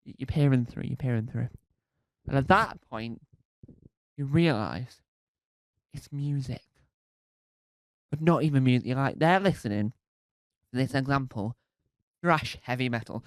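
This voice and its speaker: Animated stand-up comedian. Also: male voice, mid-range voice, moderate pace, long pauses, smooth, no room sound. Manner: animated, acts out scenes with sung riffs and shouts. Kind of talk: stand-up routine.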